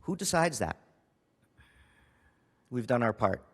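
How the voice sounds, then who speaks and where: A city councilor speaking with emotion and frequent restarts during a council meeting. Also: male voice, medium pitch, big pitch swings, slow, long reverb tail. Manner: emotional, pleading, with restarts and repetition. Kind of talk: impassioned council meeting speech. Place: council chamber.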